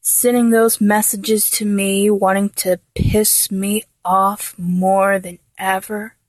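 A woman's voice: mid-range voice, little pitch movement, takes it slowly, no room sound. A young woman in a dominant audio role-play, taunting and mocking her listener with frequent laughter and drops into a whisper.

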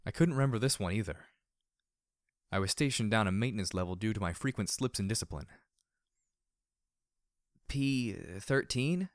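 A man's voice: fairly low pitch, fast talker, no echo. A man reading first-person fiction aloud as an audiobook narrator, reflective with a dry, sardonic edge.

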